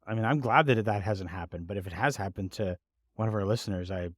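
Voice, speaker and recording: A man's voice: on the low side, fast talker, no room sound. A man co-hosting a podcast in casual chat, laughing often, restarting sentences and joking about himself. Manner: laughs often, many restarts, self-deprecating. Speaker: podcast co-host.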